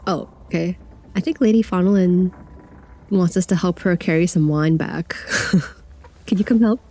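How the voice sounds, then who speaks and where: A woman's voice: on the low side, moderate pace, mellow. A woman playing a tabletop game, talking in an easygoing, chatty way. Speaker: player. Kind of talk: casual play at a tabletop game.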